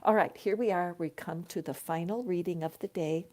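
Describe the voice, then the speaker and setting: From her home, with her dog nearby, an older woman hosts a live tarot reading with casual spiritual talk. Her fairly low voice is soft and slow, often dropping into whispers. Now and then the dog barks in the background.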